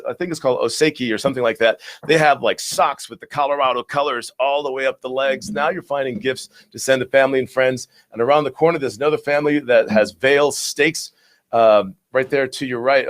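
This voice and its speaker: A man's voice: mid-range voice, fairly bright tone. A man hosting a live local show, chatty and upbeat as he lists events. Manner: upbeat, chatty, laughs along. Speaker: show host.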